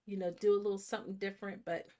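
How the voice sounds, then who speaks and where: A woman's voice: medium pitch, flat delivery, rapid-fire, darkish tone. A woman in her thirties hosting a live movie watch stream in casual chat, a little congested from a sinus infection and greeting viewers by name.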